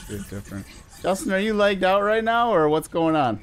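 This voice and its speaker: A man's voice: high-pitched, big pitch swings, brisk, smooth. A man hosting a multiplayer let's play, chatting casually, teasing his friends and laughing often. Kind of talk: casual multiplayer game chat.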